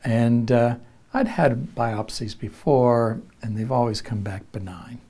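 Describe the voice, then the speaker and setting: A man in his professional role as a counseling professor tells a personal story, reflective and earnest. He speaks slowly and unhurriedly. His voice has a warm, mellow tone at a middle pitch. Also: husky.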